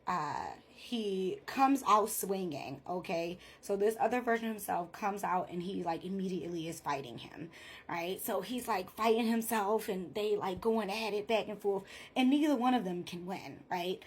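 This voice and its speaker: A woman's voice: mid-range voice, normal speed, slightly rough. A woman therapist chatting in a casual vlog, retelling a story and often checking in with "right?".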